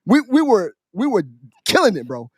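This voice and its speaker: A man, a military veteran, on a podcast, casually telling a story in an animated, profane way and acting out the people in it. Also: high voice, normal speed, husky, dry recording, clean studio sound. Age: adult, military veteran. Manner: animated, profane, acts out quoted voices. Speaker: podcast co-host.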